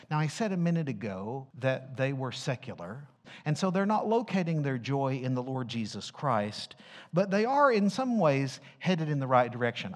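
A man preaching a sermon as pastor, emphatic, asking the congregation questions and dropping at times to a hushed voice. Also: mid-range voice.

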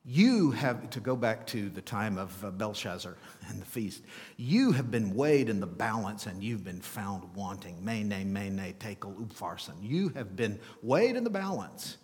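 A man preaching a sermon as pastor, animated and asking his listeners rhetorical questions. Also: on the low side, unhurried. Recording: long reverb of a large hall.

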